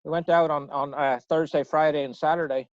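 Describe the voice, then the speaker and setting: A man with an Irish accent, guesting on a podcast and telling an animated story, laughing as he goes. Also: a little high, a little fast, dry recording. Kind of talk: casual storytelling. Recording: dull dry lo-fi audio.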